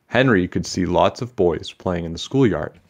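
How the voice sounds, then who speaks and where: A man reading a children's book aloud with steady, expressive storytelling. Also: low voice, normal speed.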